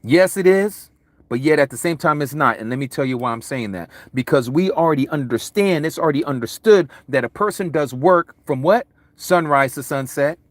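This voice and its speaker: A man preaching a Bible study sermon, loud and vigorous, with mounting intensity. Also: fairly high pitch, animated, moderate pace, dry recording. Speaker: Hebrew Roots Bible teacher. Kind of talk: impassioned livestream sermon.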